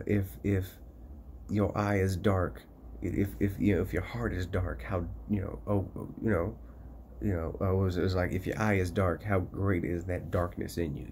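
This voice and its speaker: A man's voice: deep voice, vocal fry, darkish tone, slight background noise. A man with a Southern accent giving an emphatic, slangy spiritual talk, often checking in with his listener. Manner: emphatic, slangy, asks 'you feel me' often. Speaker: vlogger. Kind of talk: casual spiritual vlog talk.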